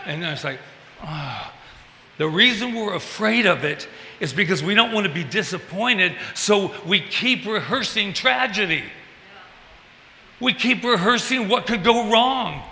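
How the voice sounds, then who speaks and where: Brief: a reverend preaching in a bright, fairly high voice, lively and confiding, in a roomy hall. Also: male voice, normal speed, a little hiss or hum. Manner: animated, playful, confiding. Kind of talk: sermon. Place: church service hall. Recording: echoey hall.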